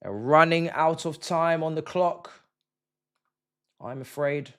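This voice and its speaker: A young man hosting a live football watchalong stream, slangy and repetitive, swinging from hushed murmurs to excited shouting. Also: on the high side, slow pace, clear, resonant tone. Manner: slangy, repeats phrases for effect. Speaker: livestream host of a match watchalong.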